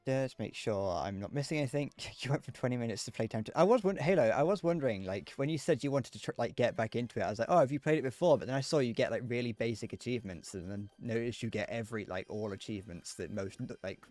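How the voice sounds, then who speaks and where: A man's voice: medium pitch, lively intonation, fast talker, few pauses, darkish tone, dry recording. A man chatting casually on a live stream while gaming, rambling, joking and answering chat messages.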